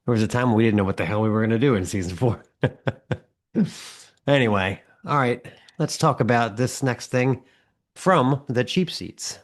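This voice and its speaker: A man co-hosting a comedy podcast, telling wry stories and acting out yelling dads. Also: medium pitch, normal speed. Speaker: podcast co-host.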